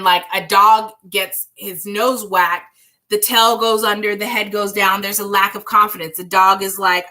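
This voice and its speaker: This young woman, a tarot reader on a live stream, has a medium-pitched voice with a bright, forceful tone. She chats and rambles directly to viewers, reassuring them and singing little bits of songs.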